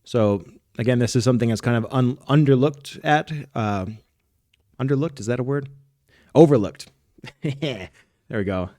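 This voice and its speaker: A man's voice: medium pitch, unhurried, long pauses, warm tone, no room sound, studio quality. A man co-hosting a soccer podcast, explaining technique while demonstrating it in a casual, instructional way. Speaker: soccer coach and podcast co-host.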